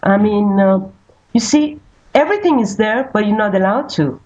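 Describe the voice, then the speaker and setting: A woman from Iran speaking earnestly in a casual podcast discussion, halting and restarting often. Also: medium pitch, expressive, darkish tone, highs cut off. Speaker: guest.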